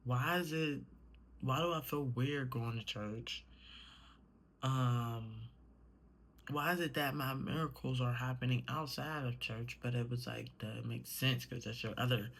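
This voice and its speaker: A woman's voice: extremely low pitch, fairly even intonation, a little slow, creaky. A young adult woman talking casually in a personal vlog, meandering with many fillers and swearing when worked up. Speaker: vlogger.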